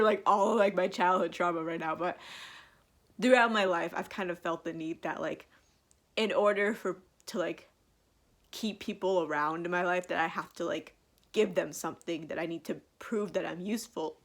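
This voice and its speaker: A woman's voice: fairly low pitch, fairly bright tone. Young woman vlogger, gushing reaction talk, emotional and teary, laughs through it. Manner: gushing, filler-heavy, emotional, breaks into laughs. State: teary, on the edge of crying. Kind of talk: casual live reaction.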